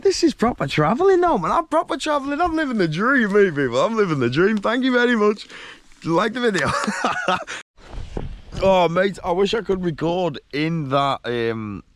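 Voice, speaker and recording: A young man, chatting excitedly to camera on a travel vlog, slangy and laughing often. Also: fairly high pitch, dry recording. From England. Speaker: travel vlogger. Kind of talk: casual vlog chat to camera. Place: glamping site outdoors.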